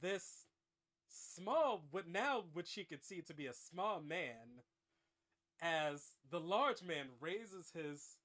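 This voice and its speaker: A man narrates an improvised comic story with dramatic flair. His pitch swings widely while his pace stays slow and deliberate. He is slightly high-voiced and animated throughout. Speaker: host.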